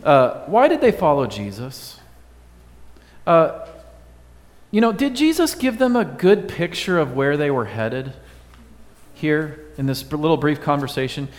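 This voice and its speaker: A man's voice: fairly high pitch, sing-song, unhurried, pauses often. A male pastor giving a conversational sermon, quizzing his congregation with a light, joking manner. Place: church sanctuary. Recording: long hall reverb.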